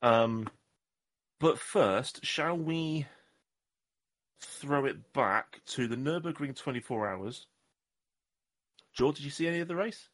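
A man's voice: mid-range voice, animated, takes it slowly, long pauses, fairly bright tone. A man from southwest England co-hosting a podcast, rambling and joking at his own expense in casual chat. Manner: rambling, self-mocking, joking. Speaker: podcast co-host.

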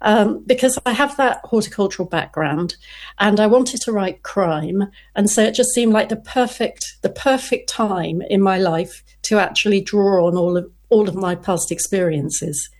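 A woman's voice: mid-range voice, moderate pace. A woman crime novelist talking casually in an interview, chatty, often restarting her sentences and laughing.

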